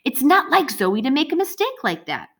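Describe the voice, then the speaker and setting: A woman's voice: high-pitched, big pitch swings, moderate pace, voice pushed up. Brief: a woman plays an anxious zookeeper father, earnest and weary, in a storybook reading. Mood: worried. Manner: earnest, sighing. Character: worried bearded zookeeper father.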